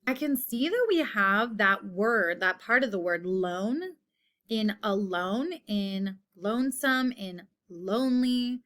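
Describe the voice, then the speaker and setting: A woman's voice: medium pitch, expressive, takes it slowly, a bit bright. A woman teaching a phonics lesson to children, patiently repeating each word and giving example sentences.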